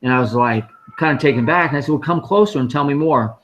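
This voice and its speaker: There's slight background noise as a man with a medium, somewhat bright voice speaks quickly. A guest on a fundraising live stream, he relates a personal experience in an easygoing manner and vividly repeats the words of the people involved.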